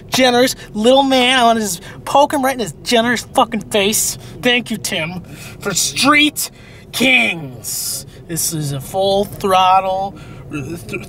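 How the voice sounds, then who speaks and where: A young man co-hosting a casual comedic chat, goofy and loud, breaking into big excited yelps. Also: high-pitched. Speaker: co-host.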